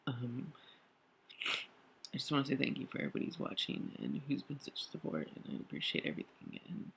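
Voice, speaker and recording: A man recording a personal video diary while crying, speaking in a halting, emotional way with many pauses and fillers. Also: medium pitch, steady tone, vocal fry, slight background noise. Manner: grateful, soft-spoken confession. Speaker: vlogger.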